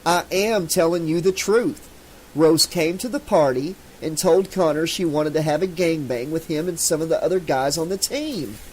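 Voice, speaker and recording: A man's voice: a little high, normal speed, a little mellow, a little hiss or hum, pitched above the performer's own voice, natural voice, rough recording. A man voicing a young Southern American jock, his speech slightly slurred and defensive.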